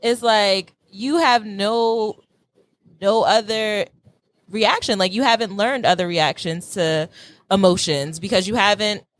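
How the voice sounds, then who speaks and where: A woman's voice: medium pitch, slow, no room sound. A woman hosting a podcast, chatting casually and candidly and putting questions to her guests. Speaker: podcast host. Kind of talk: casual chat.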